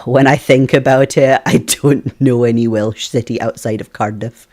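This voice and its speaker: A man's voice: mid-range voice, steady tone, normal speed, darkish tone. A Scottish man from Scotland, streaming a game and chatting casually with his viewers, rambling on and laughing often. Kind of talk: casual live-stream chat.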